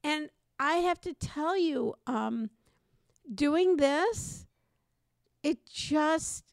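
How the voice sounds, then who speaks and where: A woman co-hosting a podcast, telling a personal story in an animated, conversational way. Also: high-pitched, drawn-out words, vocal fry, no echo, studio quality. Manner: animated, acts out quoted voices. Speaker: podcast co-host.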